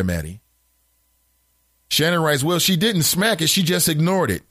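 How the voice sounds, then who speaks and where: A man hosts a casual call-in show, reading listener messages and answering them with incredulous asides. His pitch swings widely when he gets worked up. The sound is dry and close, with no room around it. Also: no room sound. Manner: animated, incredulous asides with laughs; reads comments aloud in a flatter tone. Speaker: talk show host reading listener comments.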